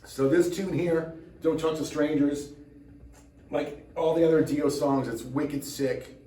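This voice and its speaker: A man's voice: a little high, fairly even intonation, slow, mellow, recorded from a distance. Tired, rambling man in an echoey room. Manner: rambling, self-mocking, dry jokes. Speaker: drummer and channel host. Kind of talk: casual chat to camera.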